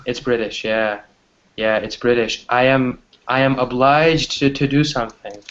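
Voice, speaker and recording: A man's voice: mid-range voice, fairly even intonation, unhurried, a bit bright. Chatty male English teacher on a call. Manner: chatty, keeps asking "right?". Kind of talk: online English class. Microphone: video call. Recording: dull lo-fi video-call audio.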